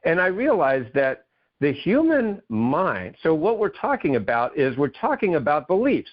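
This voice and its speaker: A man's voice: on the high side, huge pitch swings, moderate pace. A man from Maine, a guest author and keynote speaker, telling his story with enthusiasm in a radio interview. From Maine, USA. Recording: dull lo-fi radio audio.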